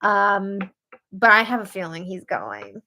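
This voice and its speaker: A woman's voice: medium pitch, sing-song, a little slow, bright, forceful tone. A woman hosting a casual reality TV recap, chatty and opinionated as she reads out quotes. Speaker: recap show host.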